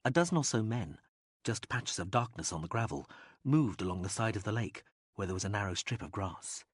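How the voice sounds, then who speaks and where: A man narrating an audiobook in a lively, expressive reading style. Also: lowish voice, a little fast, breathy edge, no echo. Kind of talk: scripted narration.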